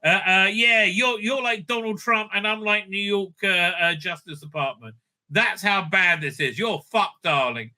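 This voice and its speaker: A man's voice: high-pitched, measured pace, bright, forceful tone, heavily acted. A man putting on the voice of a smug, bullying male senator, crude and mocking. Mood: gloating. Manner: mocking, crude self-insulting boasts.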